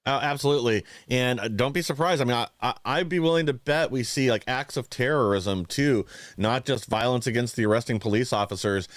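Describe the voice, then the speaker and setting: A man's voice: mid-range voice, a little fast, no echo, clean studio sound. A man co-hosting a political podcast, speaking earnestly with many hesitations. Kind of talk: casual political talk.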